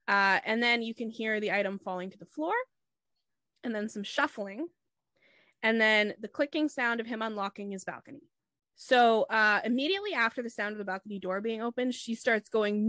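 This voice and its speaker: A woman's voice: mid-range voice, moderate pace, sharp tone, dry recording. A woman hosting a podcast, retelling a true crime case step by step with frequent fillers. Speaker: podcast host.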